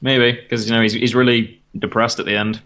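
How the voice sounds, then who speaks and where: A man joining a casual film review chat with quick, joking interjections. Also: mid-range voice, flat delivery, fairly bright tone. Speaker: movie review panelist.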